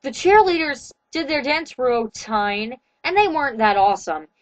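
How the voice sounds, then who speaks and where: High-voiced woman reading fan fiction deadpan. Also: moderate pace, no room sound, rough recording. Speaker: reader.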